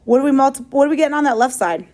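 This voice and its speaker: An upbeat woman runs a math class, talking fast and tossing questions to her students. Her voice sits a little higher than most women's. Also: animated, a little mellow. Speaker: math teacher. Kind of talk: classroom lesson.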